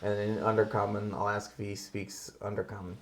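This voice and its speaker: A man casually playing a tabletop role-playing game, talking haltingly with many fillers. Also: on the low side, level tone, slight background noise. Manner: halting, lots of fillers, switching into character lines. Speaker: player.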